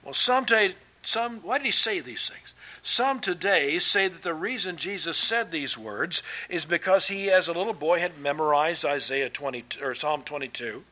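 A man delivers a sermon from the pulpit, his voice pitched a little high and ringing bright. He presses hard on key words, then drops to a softer aside, with casual restarts and fillers between. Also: expressive, moderate pace. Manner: emphatic preaching, swinging between loud and soft. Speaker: pastor.

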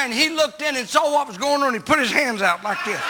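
A man's voice: very high-pitched, animated, a little fast, few pauses, heavy background noise. A man preaching a sermon, telling a story in a folksy, emphatic way.

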